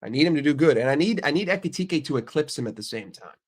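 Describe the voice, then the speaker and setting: A man's voice: a little high, expressive, quick pace. Brash, swearing young American man. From United States. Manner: ranting, heavy swearing, brash. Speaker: streamer and channel host. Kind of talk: casual profane rant.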